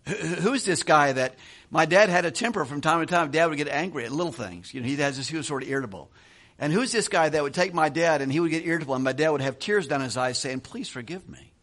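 A man's voice: a little high, expressive, fast talker, fairly bright tone. Chuckling middle-aged male preacher. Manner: conversational preaching with chuckles and repeated words. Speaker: pastor. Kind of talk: sermon.

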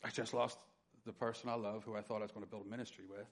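A middle-aged man preaching a sermon, telling his personal testimony with dynamic swings from loud emphasis to quiet. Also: lowish voice, little pitch movement, very fast. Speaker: pastor.

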